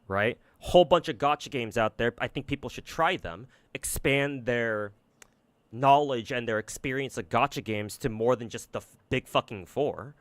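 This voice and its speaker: A man's voice: mid-range voice, normal speed, a bit bright, no echo. A man streaming and giving casual commentary on games, rambling and swearing a lot, with many fillers and restarts. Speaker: gacha game streamer.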